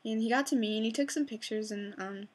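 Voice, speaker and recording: A young woman telling a fan story in a chatty, excitable way, full of fillers and restarts. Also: a little high, quick pace. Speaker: vlogger.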